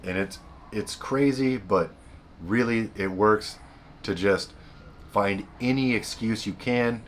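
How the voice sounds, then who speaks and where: Man, very low voice, blunt and repetitive, casual advice talk, faint background hum. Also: takes it slowly. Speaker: self-help video host.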